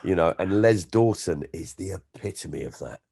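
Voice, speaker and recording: A man, a comedian, chatting as an interview guest and telling stories in an animated way, often slipping into impressions. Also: sits low, moderate pace, creaky, slightly rough. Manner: animated storyteller, slips into impressions. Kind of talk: casual interview chat.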